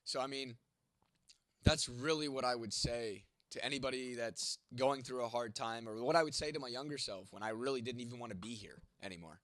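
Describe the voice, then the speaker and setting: A man's voice: mid-range voice, a little fast, a bit bright, no room sound. A young man hosting a livestream and answering chat in casual, profane talk; he is congested and his voice is going from a cold. He is blunt and teasing, swearing constantly.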